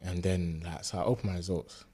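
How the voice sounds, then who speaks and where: Husky low-voiced young man. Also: a little fast. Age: 20s. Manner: relaxed street slang, lots of fillers, animated when retelling. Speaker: university student sharing a testimony. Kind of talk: casual storytelling chat.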